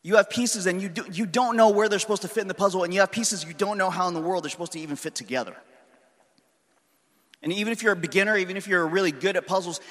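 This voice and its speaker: This high-pitched, slightly bright voice belongs to a pastor in his thirties telling an earnest, conversational story about his daughters from the pulpit. The sound echoes around a reverberant hall.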